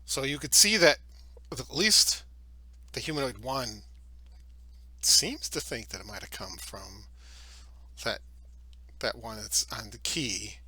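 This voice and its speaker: A man's voice: medium pitch, slow, long pauses, pushed and bright, slightly rough, no echo. A man narrating as game master of a tabletop game, in a loose, chatty way with fillers.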